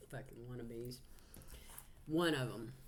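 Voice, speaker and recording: A woman's voice: extremely low pitch, takes it slowly, slight background noise. A woman with a Southern US accent leading a casual psychic channeling session, chatty and folksy, swearing freely and saying y'all a lot. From Georgia, US.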